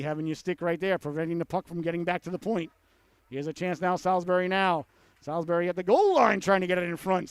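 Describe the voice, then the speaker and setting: A man calling a youth hockey game play by play, folksy and joking with the listeners, bursting into excited shouts on big chances. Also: on the high side, clear, resonant tone, no echo. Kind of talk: sports commentary.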